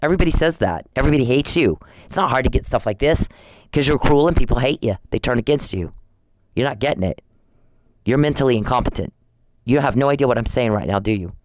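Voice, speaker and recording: A man's voice: medium pitch, lively intonation, fast, dry recording, poor audio. A man in an angry, confrontational rant at home, accusing and taunting someone with repeated challenges.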